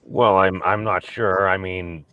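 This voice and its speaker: A man's voice: sits low, fairly even intonation, measured pace, smooth, no room sound, phone-quality sound. A man chatting casually and teasing wryly on a stream. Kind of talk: casual chat.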